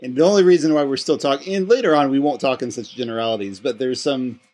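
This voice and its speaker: A man's voice: mid-range voice, fast, a little mellow. Casting: male podcast host, casual and rambling, mid-range voice. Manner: rambling, many restarts and fillers. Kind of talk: casual chat.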